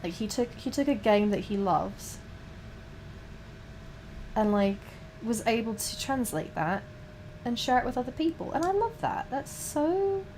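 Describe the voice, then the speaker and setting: A young woman chats away to her stream while she paints miniatures. Her voice sits a little on the high side, and she rambles, swears freely and keeps restarting her sentences. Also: animated, unhurried, long pauses, a little mellow, a little hiss or hum.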